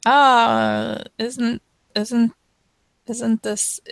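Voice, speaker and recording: A woman's voice: a little high, level tone, drawn-out words, gravelly, no room sound. A woman studying a language, thinking aloud tentatively and laughing as she goes. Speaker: language student. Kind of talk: casual tutoring.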